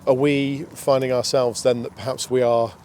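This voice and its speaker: A man's voice: medium pitch, little pitch movement, normal speed, darkish tone. A man hosting an outdoor interview, asking long, musing questions with chatty asides. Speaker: podcast host. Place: outdoors by a towpath with passing traffic. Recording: outdoor recording with faint street noise.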